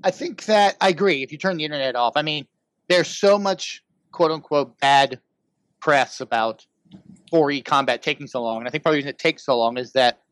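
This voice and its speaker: A man's voice: medium pitch, a bit bright, dry recording. A man on a casual panel discussion, talking enthusiastically and at length. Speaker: panel guest.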